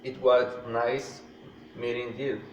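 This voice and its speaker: A man's voice: medium pitch, level tone, takes it slowly, darkish tone, dull audio. Distant hesitant male student in roomy class. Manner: hesitant, repeats words after teacher.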